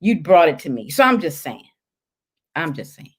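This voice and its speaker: A woman's voice: sits low, normal speed, husky. Sassy woman host reading confessions. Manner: sassy, animated, talks straight to the listener. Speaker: host and life coach. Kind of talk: casual chat reading listener confessions.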